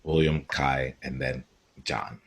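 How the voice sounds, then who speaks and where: A man hosting a video call, calmly directing who speaks next. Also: extremely low pitch, slow pace, husky. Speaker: host.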